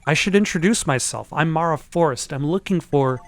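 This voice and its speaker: A man's voice: fairly high pitch, a little fast, a little hiss or hum, natural voice. A man voicing a determined young woman investigator in a video game, in his own voice, pressing with questions. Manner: persistent, questioning.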